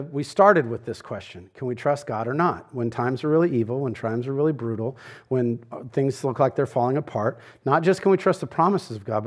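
A man preaching a sermon as pastor, conversational and animated, swinging from loud emphatic lines to hushed ones. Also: medium pitch. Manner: conversational, with quoted asides.

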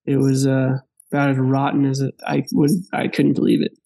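A man telling a hunting story in casual chat, animated, laughing and acting out the dialogue of the people in it. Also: medium pitch, a little fast, gravelly. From Wyoming. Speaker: podcast guest.

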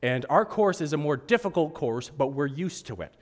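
A hoarse man preaching a sermon, telling a story in an animated, self-mocking way and laughing often. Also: on the high side, normal speed. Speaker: pastor. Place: church service hall. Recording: echoey hall reverb.

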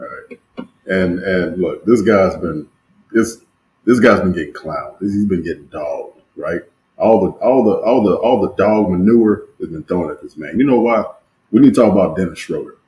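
A man's voice: low-pitched, expressive, normal speed, warm tone, a little hiss or hum, poor audio. A man co-hosting a sports podcast in casual chat, slangy and emphatic, repeating phrases for effect. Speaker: podcast co-host.

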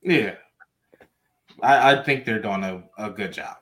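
A man on a sports podcast chats casually in a somewhat low voice. He stumbles and restarts often, and his words come out slightly slurred. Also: a little slow, a bit bright. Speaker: podcast co-host.

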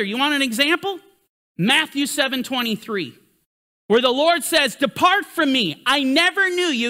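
Male Bible teacher, sermon-style teaching, very high pitch, bright edge. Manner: emphatic, pitch swinging with emphasis.

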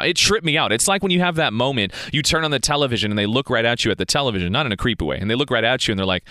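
A young man hosting a podcast, telling a motivational story in a conversational, animated way and acting out the people he quotes. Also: mid-range voice, rapid-fire, few pauses, no echo, studio quality. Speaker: podcast host.

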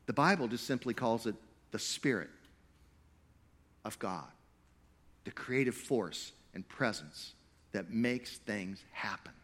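A man preaching a sermon to a live congregation. He swings between loud, emphatic stretches and quiet asides, and he jokes with the crowd. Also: fairly low pitch, expressive, takes it slowly, pauses often. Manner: playful, jokey with the crowd. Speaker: pastor.

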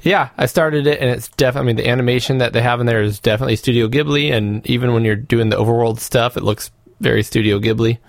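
A man's voice: medium pitch, quick pace, vocal fry, dry recording, studio quality. Chatty male podcast co-host. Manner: relaxed, chatty, reads sponsor plugs. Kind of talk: casual chat.

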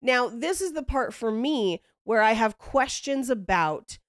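A woman's voice: fairly high pitch, lively intonation, measured pace, no room sound, clean studio sound. A young woman hosting a podcast, casually telling a story, acting out quotes and laughing often. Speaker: podcast host.

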